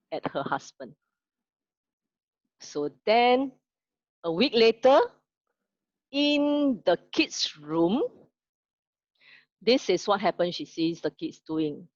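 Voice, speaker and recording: Slow-speaking woman teacher. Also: mid-range voice, expressive, no echo, dull audio. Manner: asks the class questions, then tells a story. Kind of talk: online lesson told as a story.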